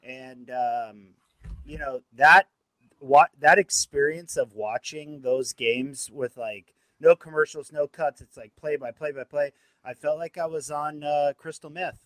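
A man co-hosting a sports podcast, telling stories in a loose, profane, animated way. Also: a little high, measured pace, dry recording, low-quality recording. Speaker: podcast co-host. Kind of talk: casual sports chat.

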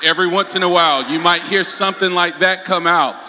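A man's voice: high-pitched, fairly even intonation, a little fast. Southern preacher man in a reverberant hall. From North Carolina, US South. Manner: call-and-response, occasional shouts. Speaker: guest preacher. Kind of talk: preaching talk.

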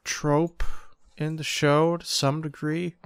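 A man's voice: on the high side, little pitch movement, slow, clear, resonant tone, no echo. A man co-hosting a podcast, chatting casually and restarting his phrases often. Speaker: podcast co-host. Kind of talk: casual chat.

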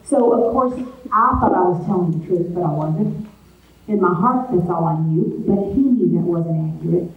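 A woman's voice: lowish voice, expressive, normal speed, gravelly. A middle-aged woman giving her testimony as a retreat speaker, telling her story in an earnest way and acting out her own replies. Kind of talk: testimony sermon. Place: large meeting hall. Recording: echoey hall from far off, phone-like sound.

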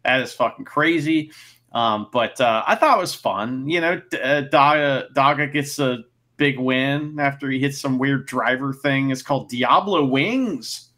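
A man's voice: mid-range voice, unhurried, bright, forceful tone. A man co-hosting a podcast, chatting about wrestling in a jokey, laid-back way. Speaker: podcast co-host. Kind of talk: casual wrestling chat.

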